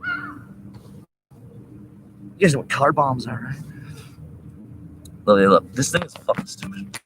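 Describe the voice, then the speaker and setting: A man's voice: mid-range voice, huge pitch swings, slow pace. A young man livestreaming from his laptop, talking into its built-in webcam mic indoors. His voice swings up and down as he rants and curses in an agitated, rambling way, with faint hiss behind him. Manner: profane, agitated ranting.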